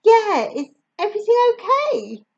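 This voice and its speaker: A woman's voice: very high voice, huge pitch swings, unhurried, vocal fry, voice pushed up, full character voice. A woman voicing a worried schoolgirl who sounds hurt, on a slightly dull recording. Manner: soft, hurt.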